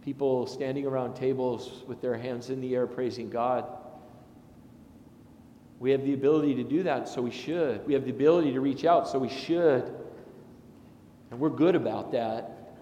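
A man, a pastor, delivering a sermon in a chatty, anecdotal way with lively asides. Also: mid-range voice, moderate pace, pauses often, slight background noise. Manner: conversational and anecdotal, with animated asides. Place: large church sanctuary. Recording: echoey sanctuary with long reverb.

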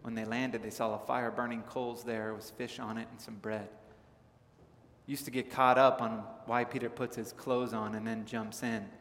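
Male pastor from Southern California, mid pitch, chatty sermon delivery, echoey hall. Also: slight background noise. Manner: conversational storytelling, animated in anecdotes. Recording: echoey hall with faint ambience.

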